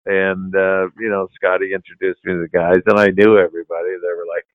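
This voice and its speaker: A man's voice: deep voice, monotone, a little fast, dry recording, phone-quality sound. An older man, a retired hockey player, casually telling a story as a podcast guest, laughing and swearing now and then.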